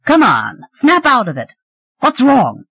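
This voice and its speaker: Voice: mid-range voice, huge pitch swings, measured pace, gravelly, husky, no room sound, pitched above the performer's own voice, heavily acted. A narrator voicing a young male rider who talks urgently and nervously. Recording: dry, slightly dull recording.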